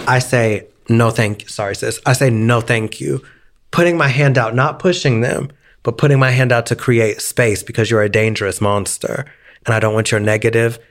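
A young man co-hosting a podcast, talking in a mid-range voice at an ordinary pitch. He tells his story in loose, casual chat, swearing freely. He puts on the voices of the people he quotes to make it more dramatic. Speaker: podcast co-host.

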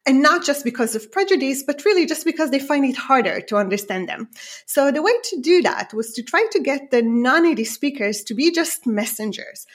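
A woman researcher with a non-native accent, explaining her study step by step in an interview. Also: sits high. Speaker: researcher guest.

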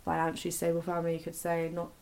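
A woman's voice: on the low side, completely flat delivery, racing, gravelly, a little mellow. A young woman in casual conversation, talking openly about her past in a rambling, sweary way with many restarts. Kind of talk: casual confessional chat.

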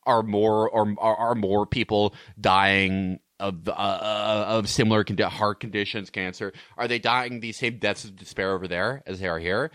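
A man's voice: on the low side, fairly even intonation, moderate pace, hardly any pauses, a bit bright, dry recording, studio quality. A young man chatting casually on a podcast, rambling with restarts and emphatic rises. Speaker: podcast guest. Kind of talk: casual conversation.

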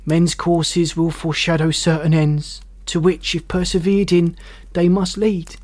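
The narrator gives voice to an elderly miser in a storybook reading. He pleads with measured, earnest urgency, slowing down to press his words. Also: medium pitch, little pitch movement, darkish tone, dry recording, lightly acted. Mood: urgent. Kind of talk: audiobook character voice.

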